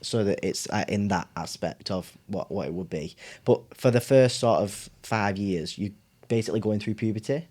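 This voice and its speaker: A man appears as a podcast guest, telling a story in casual conversation. He's animated, laughs often, and acts out the voices of his family members, speaking in a lowish voice at a moderate pace.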